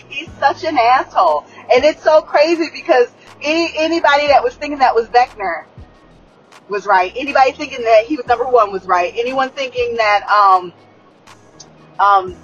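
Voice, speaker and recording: Excitable profane woman recapping a show. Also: high-pitched, normal speed, dull audio, soft background music. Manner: excitable, profane, rambling with many fillers. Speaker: show reviewer. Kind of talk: casual recap chat.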